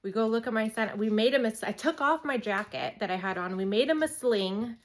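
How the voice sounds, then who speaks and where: A woman in her thirties casually telling a story about her son, chatty and animated, acting out the lines she quotes. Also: fairly high pitch, fairly quick, poor audio.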